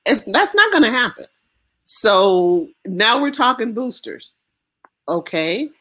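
An American woman speaking as an interview guest, impassioned and emphatic, with halting restarts. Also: a little high, big pitch swings, a bit bright. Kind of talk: emotional interview conversation.

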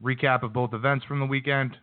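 Brash sports radio host on a phone line. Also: male voice, medium pitch, flat delivery, fairly quick, no room sound. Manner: casual, brash sports-talk delivery. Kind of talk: sports news recap and interview. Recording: dry phone-quality line.

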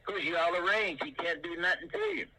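An older man teaching martial arts in an animated way, punctuating his points with sound effects like boom and bam. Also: a little fast, poor audio.

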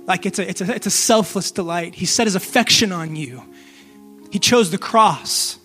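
A fairly high-pitched man preaching in an easygoing, talky way, putting questions straight to his listeners and leaving room for them to reflect. Gentle guitar plays faintly underneath. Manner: conversational, direct, asks questions, pauses to let listeners think. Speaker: pastor. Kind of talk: sermon.

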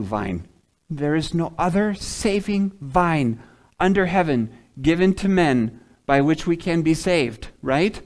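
A man preaching a sermon in a church, animated and emphatic, swinging from loud peaks to soft, low passages. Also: slow pace, poor audio. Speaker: pastor. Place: church sanctuary, away from the pulpit.

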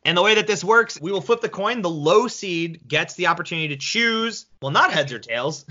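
At a moderate pace, a young podcast co-host argues in a loose debate, swearing with incredulous energy. His high, bright voice is expressive and leaps around in pitch, captured on a slightly dull, lo-fi recording.

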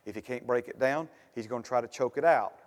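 A man's voice: medium pitch, quick pace. A man preaching a sermon as pastor, building to emphatic bursts and repeating refrains. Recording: long hall reverb.

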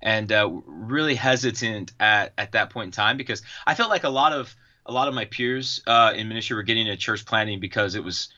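A man's voice: on the low side, fairly quick. A man, a pastor and church planter, earnestly telling his story as an interview guest over a video call. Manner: earnest, relaxed, many fillers. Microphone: video call over Skype. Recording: dull lo-fi Skype audio.

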